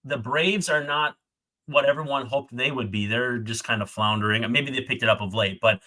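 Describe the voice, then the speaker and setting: A man's voice: medium pitch, moderate pace, bright, forceful tone. A man co-hosting a casual sports podcast, chatty and enthusiastic, cracking jokes as he talks. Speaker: podcast co-host.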